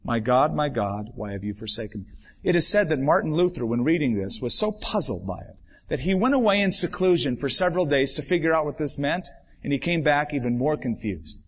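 A man preaching a sermon as pastor, building his voice up for emphasis and then dropping it low and quiet. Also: sing-song, fairly quick, breathy edge. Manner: dramatic preaching, swells and drops for emphasis. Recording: dull lo-fi 1996 church recording.

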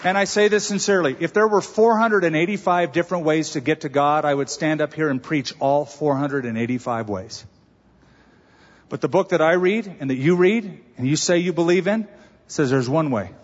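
A man's voice: on the high side, normal speed, a faint crowd. A man preaching a sermon as pastor, conversational with humor and emphatic stresses. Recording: dull reverberant sanctuary recording.

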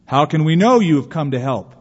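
A man voicing frightened, hostile cave dwellers in a storybook tale, crying out loudly and anxiously. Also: fairly high pitch, lively intonation, a little fast, slightly rough. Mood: alarmed. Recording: dull recording with long hall reverb.

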